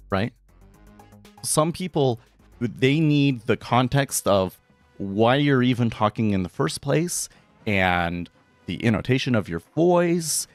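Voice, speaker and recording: A man with a low voice chatting on his live trading stream, wandering from one thought to the next and often restarting mid-sentence. The sound is dry and close, with faint music playing behind him. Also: dry recording. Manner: rambling, restarts, thinks aloud. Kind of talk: casual live-stream commentary.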